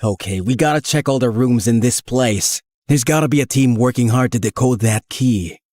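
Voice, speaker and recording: A man voicing a dry, sarcastic young male secret agent in an animated story. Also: medium pitch, moderate pace, dry recording, lightly acted. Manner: dry, teasing, deadpan.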